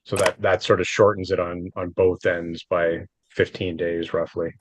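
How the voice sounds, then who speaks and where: A man's voice: low voice, little pitch movement, moderate pace, a little hiss or hum. A man chairing a council meeting, easygoing, with stammering restarts. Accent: Canadian.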